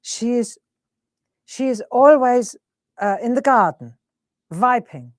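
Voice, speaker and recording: A woman's voice: fairly high pitch, expressive, takes it slowly, no room sound, studio quality, voice pushed up. A woman voicing her 88-year-old mother, who is matter-of-fact and unfazed.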